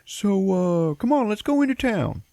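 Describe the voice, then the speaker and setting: A man voicing a laid-back, cheerful husband in a high, goofy put-on voice. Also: wildly swooping pitch, unhurried, gravelly, a little mellow, dry recording, heavily acted.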